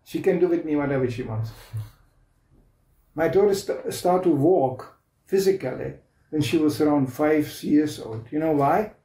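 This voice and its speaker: A man's voice: on the high side, normal speed, dark tone, far from the mic. A man in his fifties giving an anecdotal spiritual lecture, telling stories, laughing often and restarting his sentences. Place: club lecture room. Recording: roomy hall echo.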